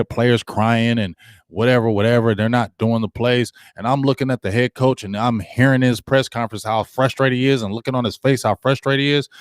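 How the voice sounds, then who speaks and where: A man hosting a casual live-stream sports talk show, animated, acting out quoted coaches and answering viewers. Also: mid-range voice, dry recording, clean studio sound.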